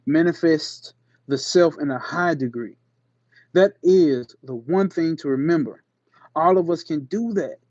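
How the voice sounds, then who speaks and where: Male channel host, fairly high voice, emphatic reading broken by slangy asides, dry dull recording. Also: measured pace, darkish tone, no room sound. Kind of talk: reading aloud with casual commentary.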